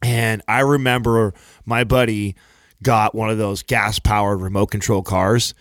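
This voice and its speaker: A man's voice: lowish voice, steady tone, a little slow, dry recording, studio quality. A man in a casual podcast chat, teasing his friends and telling a story with plenty of swearing. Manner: joking, teasing, swears often.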